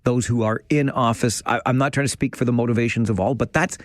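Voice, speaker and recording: A man's voice: mid-range voice, steady tone, fast, no room sound, clean studio sound. A man hosting a call-in radio talk show, ranting with rising passion and frustration. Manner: passionate, increasingly heated rant. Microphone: studio microphone.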